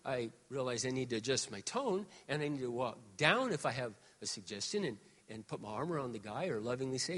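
Man, 60s, pastor preaching in a reverberant sanctuary; bright, forceful voice, soft asides, shouted appeals. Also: medium pitch, big pitch swings, brisk, hardly any pauses. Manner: swings from soft confiding to loud shouted exhortation. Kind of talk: sermon. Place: church sanctuary.

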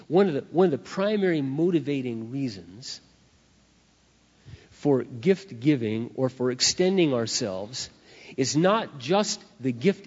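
A man preaching a sermon through personal stories, animated, acting out dialogue and swinging between loud and soft. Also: medium pitch. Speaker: pastor. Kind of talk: sermon with storytelling. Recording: dull recording in a reverberant hall.

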